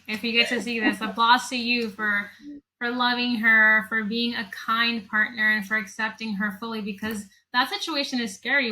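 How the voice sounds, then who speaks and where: A woman hosting an interview podcast, affirming her guest and asking gentle questions. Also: fairly high pitch, poor audio. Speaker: podcast host.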